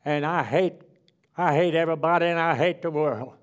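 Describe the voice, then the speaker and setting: A man's voice: fairly high pitch, moderate pace, clear, resonant tone, voice pushed up, close to an everyday voice. A preacher voicing a bitter old ex-convict man. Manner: blunt, bitter.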